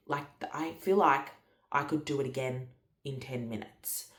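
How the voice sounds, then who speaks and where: Low-voiced woman telling a story. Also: moderate pace, roomy sound. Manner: chatty, many fillers and quoted dialogue. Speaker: vlogger. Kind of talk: casual storytelling.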